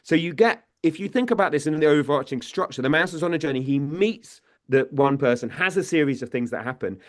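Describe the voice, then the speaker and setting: A man's voice: on the high side, lively intonation, fairly quick. British man explaining ideas in conversation. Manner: thinking aloud, with restarts and checks of "yeah?". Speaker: guest researcher.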